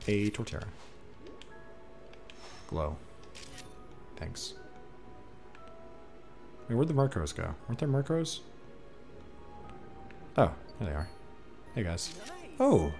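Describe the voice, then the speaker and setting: Gaming streamer, male, lowish voice, chatty and excitable, faint game music under him. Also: takes it slowly, creaky, long pauses. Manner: excitable, talks to the creatures on screen. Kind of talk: casual let's-play commentary.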